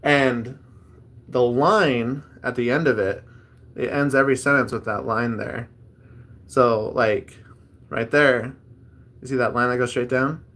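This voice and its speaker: A man's voice: mid-range voice, steady tone, unhurried, pauses often, a bit bright. A man hosting a casual chat while opening card packs, rambling and reading card text aloud.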